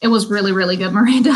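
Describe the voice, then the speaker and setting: A woman's voice: fairly high pitch, fairly bright tone, poor audio. A young woman, teaching a beauty school class over a live stream in a chatty way and reading out viewers' comments.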